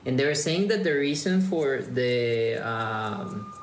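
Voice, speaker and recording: A man's voice: mid-range voice, animated, slow. A man from Mexico hosting a casual chat, rambling loosely and trailing off mid-sentence. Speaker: host. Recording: roomy echo with faint background noise.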